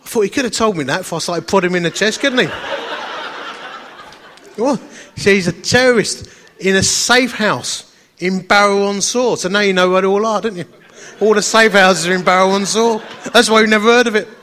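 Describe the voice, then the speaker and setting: A man, an evangelist telling a funny story to an audience in a lively, self-mocking way and acting out the dialogue. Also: high voice, fairly quick, long reverb tail, a little hiss or hum.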